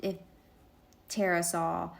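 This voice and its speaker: A woman's voice: fairly low pitch, little pitch movement, slow pace, vocal fry. A woman co-hosting a podcast, recapping at length in casual chat with many fillers. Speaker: podcast co-host.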